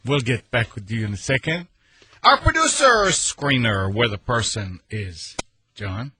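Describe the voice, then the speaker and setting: A man's voice: on the low side, measured pace, bright, forceful tone, husky, no room sound. A man hosting a morning sports radio talk show from the studio, chatty and upbeat. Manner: upbeat, chatty, announces reads. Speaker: radio host. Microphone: studio mic.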